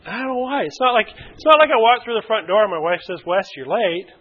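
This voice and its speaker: High-voiced man teaching a workshop. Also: fast talker. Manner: lively, uses vivid examples and asks the audience questions. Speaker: relationship workshop presenter. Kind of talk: conversational teaching to a group. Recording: dull lo-fi recording.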